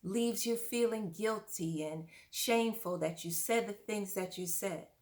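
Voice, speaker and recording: A woman's voice: mid-range voice, unhurried, darkish tone. Woman parent coach, earnest and coaching, speaks straight to the viewer. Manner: earnest, coaching, asks the listener questions. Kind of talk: direct-to-camera parenting advice.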